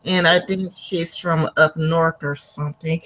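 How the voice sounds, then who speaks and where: A woman's voice: low-pitched, fairly even intonation, slow, rough recording. A woman in casual conversation on a video call, rambling and leaning on fillers like "like" and "um". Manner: rambling, filler-heavy with frequent likes. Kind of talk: casual online chat.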